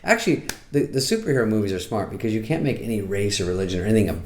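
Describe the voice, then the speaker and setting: A middle-aged man talks through a movie in a dry, sarcastic, offhand way. His voice sits low and deep. He keeps breaking into quick, squeaky impressions before dropping back to his flat delivery. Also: a little hiss or hum. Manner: deadpan, sarcastic, jumps into squeaky put-on voices. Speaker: comedian reviewing a movie. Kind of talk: casual comic monologue.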